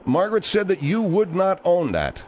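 A man's voice: high-pitched, wildly swooping pitch, moderate pace, a little mellow, slight background noise. A man hosting a comedy radio talk show, hesitant and soothing, often stammering over his words.

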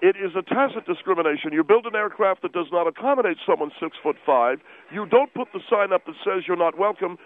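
A stuffy, indignant activist voiced by a man lectures formally with food in his mouth. His voice sits fairly high, and it comes through a thin, tinny phone line. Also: lively intonation, fast talker, few pauses. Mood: pompous. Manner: stiff, formal and indignant, chewing while talking. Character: pompous overweight male activist who talks with his mouth full.

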